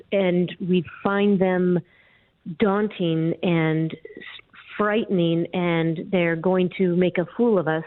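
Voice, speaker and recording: A woman's voice: on the low side, dry recording. Woman on a tinny phone line. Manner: calm, explanatory, measured. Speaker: guest author. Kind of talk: radio interview.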